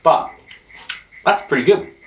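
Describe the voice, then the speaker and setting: A man's voice: takes it slowly, far from the mic, a little hiss or hum. A man hosting a casual beer tasting show, chatting in a rambling, jokey way. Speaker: host of a beer review show. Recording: roomy echo, voice off-mic.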